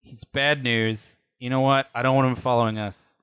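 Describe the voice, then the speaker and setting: A man's voice: mid-range voice, fairly even intonation, normal speed, fairly bright tone, smooth, dry recording, clean studio sound. Hesitant man thinking aloud as a player. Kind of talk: casual tabletop game chat.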